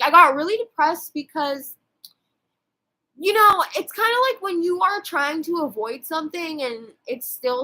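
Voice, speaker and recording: A woman's voice: high-pitched, pushed and bright, poor audio. A woman in her twenties telling a rambling storytime rant, swearing freely and full of fillers and restarts. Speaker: vlogger.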